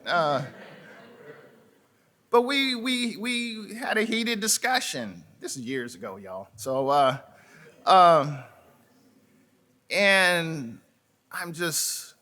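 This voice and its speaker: Slow, bright-voiced pastor preaching a sermon. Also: male voice, a little high, sing-song. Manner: folksy storytelling with asides to the congregation; halting, repeats words and restarts. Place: church sanctuary.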